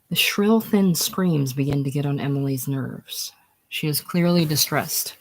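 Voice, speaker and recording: Unhurried reader of stage directions. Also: mid-range voice. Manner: plain, unhurried reading of stage directions, sometimes dropping to a whisper. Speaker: screenplay reader. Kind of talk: casual screenplay reading.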